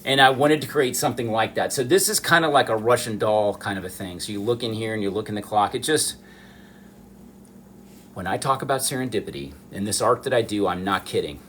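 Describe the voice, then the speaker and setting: Talking casually to his live stream audience, this southern U.S. miniature artist sounds earnest and animated. He speaks fairly quickly in a lowish, slightly bright voice, with a bit of background noise.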